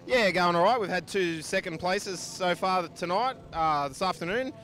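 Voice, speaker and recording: A man's voice: high voice, animated, moderate pace, fairly bright tone. An Australian man, a sidecar racer, answering trackside questions steadily and matter-of-factly. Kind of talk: casual trackside interview. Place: outdoor speedway pits.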